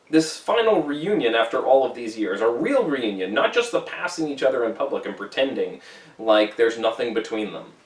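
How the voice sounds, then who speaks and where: A man teaching, walking students through a classic novel as an enthusiastic, animated explainer. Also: mid-range voice, far from the mic. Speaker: English teacher. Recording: roomy echo, away from the mic.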